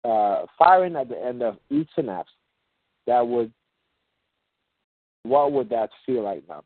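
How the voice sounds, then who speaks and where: A man hosting a call-in show, explaining things in a rambling, halting way with many fillers and restarts, and reading example passages slowly. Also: fairly low pitch, no echo. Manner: reads example passages aloud in a slow, measured way. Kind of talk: casual talk on a phone call-in show. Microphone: phone. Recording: tinny phone line, dry.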